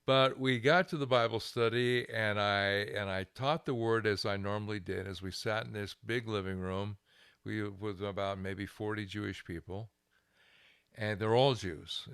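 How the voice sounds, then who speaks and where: Low, smooth-voiced older man telling stories. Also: no echo, studio quality. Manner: lively anecdotal storyteller who chuckles and restarts phrases. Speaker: guest minister. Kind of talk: storytelling interview.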